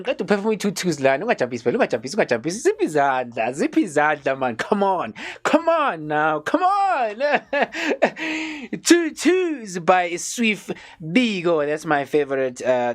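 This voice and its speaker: Lively male talk show host. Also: on the high side. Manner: animated, playful, many fillers. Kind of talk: live interview.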